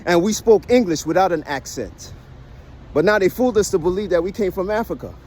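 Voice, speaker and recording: High-voiced American man lecturing casually. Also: fairly quick, a little mellow, a little hiss or hum. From United States. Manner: keeps asking "right?" as he lectures; emphatic, questioning, persuasive. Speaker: vlogger. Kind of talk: casual talking-to-camera monologue.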